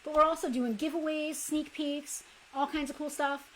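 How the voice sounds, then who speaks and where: A woman's voice: sits high, fairly even intonation, moderate pace, a little hiss or hum, low-quality recording. A woman co-hosting a toy shop's live stream, chatting casually and promoting the membership group. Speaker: co-host of a toy shop live show.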